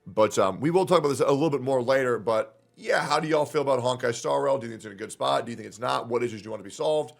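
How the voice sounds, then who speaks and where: A man's voice: medium pitch, racing, gravelly, few pauses. A man moderating a streamed debate, asking guests questions and turning to chat. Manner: addresses chat, wraps up politely.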